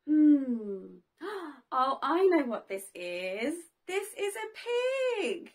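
A young woman teaching toddlers, talking in a slow, sing-song way with big gasps and cheerful praise. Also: high voice, very animated. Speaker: children's teacher. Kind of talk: toddler learning video.

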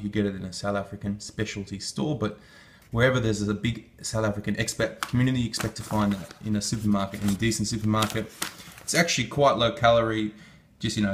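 Man, slightly low voice, casual food vlogger, chatty and enthusiastic with loose asides. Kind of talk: casual chat showing a home-cooked meal.

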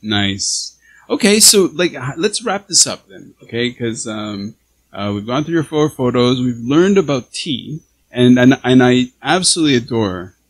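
A man hosting a podcast interview over a video call, talking in halting, restarting phrases that turn animated when he gets excited. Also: mid-range voice, husky, rough recording. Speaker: podcast host. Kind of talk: casual interview conversation.

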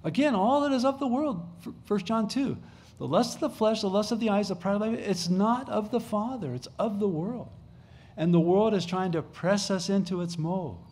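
Man, middle-aged, pastor, sermon, fairly high voice, conversational, repeats phrases for emphasis. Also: moderate pace, darkish tone. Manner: conversational preaching with restarts and emphatic repetition.

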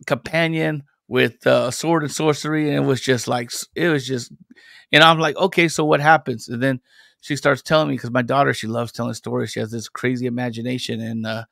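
A podcast guest who creates independent comics and is a parent tells long, rambling stories in a loose, casual conversation. He talks briskly in a steady, fairly bright mid-range voice with vocal fry, recorded dry at studio quality.

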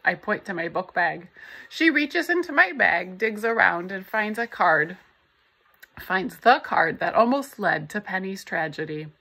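A woman reading a novel aloud in the first person, in a steady storytelling manner. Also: medium pitch, measured pace, poor audio. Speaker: audiobook narrator.

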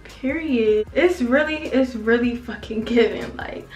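A woman with a slightly high voice chats to camera about her new hairstyle, excitable and full of slang and swearing. She sounds like she is filming at home in an echoey room. Faint music plays underneath. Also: measured pace. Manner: excitable, animated, slangy and profane. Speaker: hair tutorial vlogger. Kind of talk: casual talk to camera.

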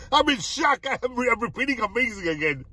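A man doing a casual food review vlog, excitable, laughing often and calling his viewers "my brothers" again and again. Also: very high voice, slightly rough.

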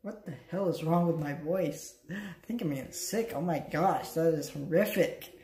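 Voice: medium pitch, normal speed, mellow. Tired young vlogger rambling in a roomy room. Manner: rambling, self-mocking, with frequent restarts. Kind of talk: casual late-night vlog. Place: at home, by a couch.

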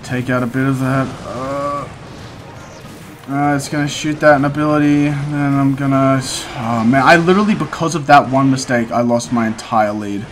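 Young male gaming creator, mid-pitch, thinking aloud through matches, easily riled, faint music bed. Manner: talks to himself while playing, quick swings into frustrated outbursts. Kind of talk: live gameplay commentary.

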